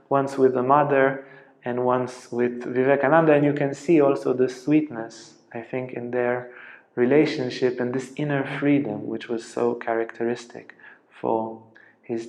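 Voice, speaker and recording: A man gives a spiritual lecture in a roomy, echoey room, his pitch sitting in the middle of the male range. He tells his stories with earnest feeling and sinks to a soft hush at the tender parts. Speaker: spiritual teacher.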